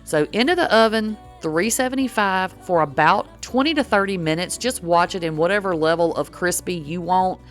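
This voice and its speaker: Older woman, cooking-channel host, folksy chatter, lowish voice, faint music under. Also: normal speed, few pauses. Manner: chatty, folksy, says y'all a lot. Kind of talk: casual home cooking demo. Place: home kitchen.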